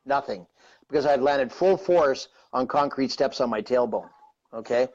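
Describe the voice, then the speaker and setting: A man in his fifties from Canada tells his story as a guest on a live stream. He rambles in a conversational way, checking in with "you know" and "right?". His mid-pitched voice comes through dull, lo-fi audio. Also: moderate pace, darkish tone. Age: 50s.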